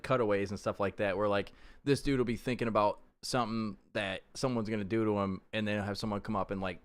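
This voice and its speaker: Laid-back swearing young streamer. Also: male voice, fairly low pitch, clear, resonant tone, no echo. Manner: laid-back, swears a lot, laughs along. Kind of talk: casual chat.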